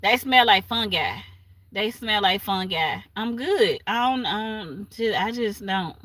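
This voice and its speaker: A woman's voice: fairly high pitch, bright, forceful tone, no echo. A woman, rambling in a casual livestream chat and laughing often.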